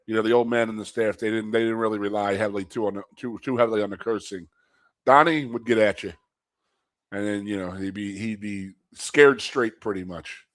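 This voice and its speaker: A man co-hosting a casual chat show, telling old locker-room stories with lively, acted-out quotes. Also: brisk, no room sound. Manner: animated storyteller, acts out quotes in a high loud voice. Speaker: co-host and former college athlete.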